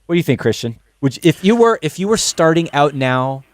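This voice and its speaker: A man's voice: a little high, expressive, a little fast, no room sound. Upbeat man hosting a livestream. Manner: upbeat, greets chat names one by one. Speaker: livestream host. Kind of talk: casual livestream chat. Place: music production school studio. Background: electronic music playing.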